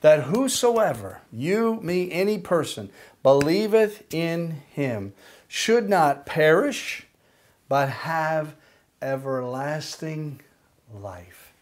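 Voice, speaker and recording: An older man preaching a sermon, slow and deliberate, with emphatic pauses and a led prayer. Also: fairly high pitch, expressive. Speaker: pastor.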